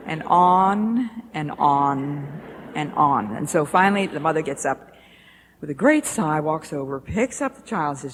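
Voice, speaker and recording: A woman giving a devotional talk in a measured, deliberate way, recorded in a lecture hall in the 1980s. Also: deep voice, expressive. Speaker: speaker at a Bible institute. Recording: echoey hall with faint hiss, 1980s.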